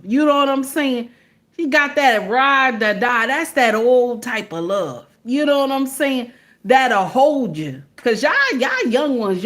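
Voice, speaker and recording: A woman giving emphatic, preachy casual commentary to her viewers, repeatedly checking in with "okay?". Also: fairly high pitch.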